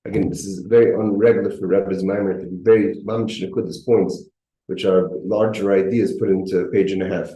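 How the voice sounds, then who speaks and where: A man's voice: deep voice, steady tone, a little fast, warm tone. Man teaching a Torah class, echoey room. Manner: mixes Hebrew and Yiddish terms into English, repeats words as he thinks. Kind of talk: Torah class explaining a text.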